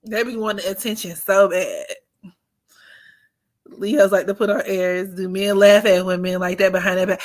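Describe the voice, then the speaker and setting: A young woman hosting an astrology channel, telling stories in blunt, profane, animated casual chat. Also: medium pitch, normal speed, pauses often.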